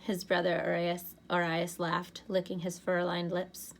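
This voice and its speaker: A woman teacher reading a novel aloud to her students in an expressive storybook manner. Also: on the low side, unhurried, vocal fry.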